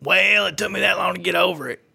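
A man's voice: sits high, quick pace, vocal fry, bright, forceful tone, husky, exaggerated voice. A man playing a dim, touchy hillbilly, who rambles in a drawling, self-pitying way in a radio comedy bit. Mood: rambling. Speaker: recurring character.

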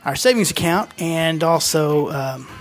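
A man's voice: on the high side, animated, measured pace, soft background music. A man hosting a casual talk show, rambling with many fillers. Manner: rambling, full of fillers and restarts, laughs often. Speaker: show host. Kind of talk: casual chat.

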